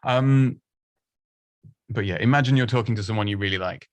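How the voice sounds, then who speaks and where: A man's voice: on the low side, normal speed, dry recording. A man giving casual, chatty presenting advice, self-deprecating and full of restarts and little laughs. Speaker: presenting coach.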